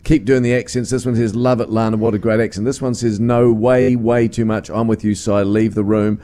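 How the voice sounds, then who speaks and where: A man's voice: fairly low pitch, level tone, brisk, warm tone. A man with a New Zealand accent, hosting a breakfast radio show and reading out listener texts with teasing banter.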